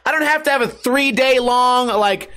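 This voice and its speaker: With an extremely high pitch and a sharp tone, this young man, a skateboarder who streams online, goes on a casual rant to viewers at a moderate pace. He mocks himself, swears, and leans into sarcasm.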